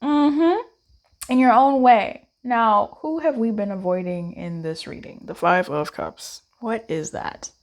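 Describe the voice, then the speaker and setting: A young woman giving a casual, playful tarot card reading, chatty and quick to laugh, calling her viewers babe. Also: on the high side.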